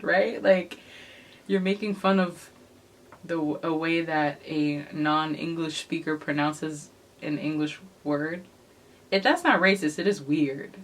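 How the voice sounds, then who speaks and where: Low-pitched woman vlogger; casual, opinionated commentary delivered with chatty laughter. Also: slow pace. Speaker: K-pop commentary YouTuber.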